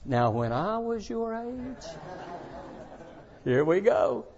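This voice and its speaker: An older male pastor preaching to kids in a high, very lively voice that leaps from shouts to near-whispers. His delivery is folksy and plainspoken. The recording sounds dull and lo-fi. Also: takes it slowly, vocal fry, slightly rough. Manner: folksy preaching, swings from shouting to hushed asides. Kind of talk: sermon to young people.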